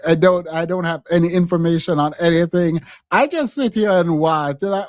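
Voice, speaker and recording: A man's voice: fairly high pitch, normal speed, few pauses, no echo, studio quality. A man hosting a live stream, chatting casually and laughing often between his points. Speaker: streamer and commentator.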